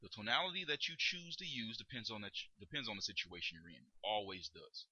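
A man coaching listeners on tone of voice, explaining and demonstrating in a lively instructional monologue. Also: on the low side, fairly quick, husky, no echo, muffled recording. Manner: demonstrates tones, emphatic and lively delivery. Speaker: dating coach.

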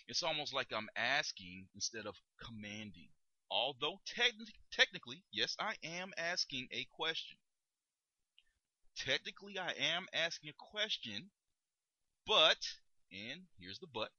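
A man coaching listeners on tone of voice, explaining and demonstrating in a lively instructional monologue. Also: mid-range voice, a little slow, dry recording, lo-fi sound. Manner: demonstrates tones, emphatic and lively delivery. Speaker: dating coach.

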